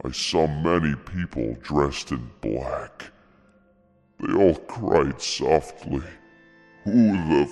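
Very deep, slow deadpan male narrator. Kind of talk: deadpan comedic creepypasta narration.

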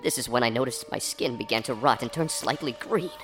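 A man narrating an absurd horror story parody in a deadpan storytelling manner. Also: mid-range voice, a little fast. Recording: faint background music.

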